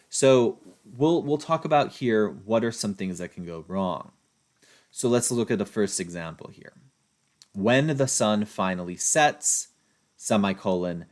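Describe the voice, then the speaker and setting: A man's voice: fairly low pitch, a little mellow. Man explaining grammar in a lecture. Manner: explanatory, asks rhetorical "right?" checks, restarts phrases. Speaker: writing instructor. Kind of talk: recorded lecture walking through examples.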